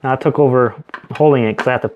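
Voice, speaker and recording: A man walks through a hands-on build at home, talking plainly as he works. His voice sits at an ordinary middle pitch, and the tone stays casual and instructive. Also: racing, dull audio. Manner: explains steps plainly while working. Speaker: channel host building a PC.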